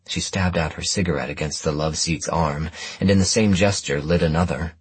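Husky low-voiced male narrator. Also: steady tone, fairly quick, dry recording. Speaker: audiobook narrator. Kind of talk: scripted first-person narration.

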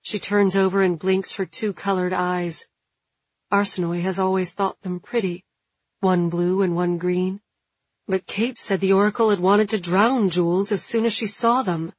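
A woman reading an audiobook in a measured, even narration. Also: mid-range voice, dry recording. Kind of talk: scripted narration. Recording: dull, dry studio sound.

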